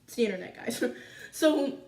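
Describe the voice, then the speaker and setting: A teenage girl from Canada telling a school story to her viewers in a chatty, animated way full of fillers. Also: fairly high pitch, moderate pace, echoey room, distant mic. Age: teens. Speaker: vlogger. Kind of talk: casual storytime chat.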